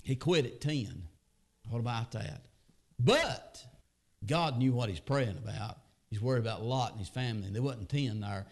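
A male pastor preaching with fervor, his voice at an ordinary middle pitch that climbs sharply when he presses a point. He talks in a homespun way, repeating phrases to drive them home. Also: normal speed, creaky. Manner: fervent, voice climbing high and loud at emphatic points; repeats phrases for emphasis, plain folksy asides. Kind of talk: sermon, scripture reading with commentary.

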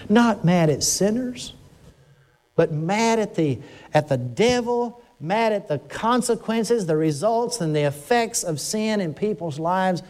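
Older pastor, man, fairly high voice, emotional sermon delivery with frequent restarts. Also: darkish tone. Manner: emotional, rising pitch when stirred, frequent restarts.

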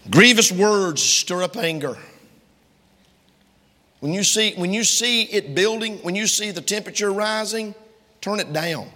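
A man's voice: high-pitched, a little slow, pauses often, pushed and bright, long reverb tail. A man preaching a sermon to a congregation, quoting King James scripture emphatically and speaking to his listeners directly.

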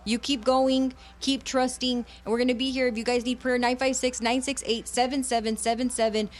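Fervent woman preacher, high voice. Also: flat delivery, brisk. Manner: fervent, switches between English and Spanish. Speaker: radio preacher. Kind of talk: bilingual sermon.

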